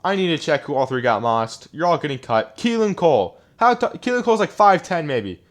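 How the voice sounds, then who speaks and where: A young man giving live commentary while playing a football video game, often frustrated, muttering low one moment and yelling the next. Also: sing-song, fairly quick. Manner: frustrated, ranting, swings between muttering and yelling. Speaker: gaming YouTuber. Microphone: desk microphone.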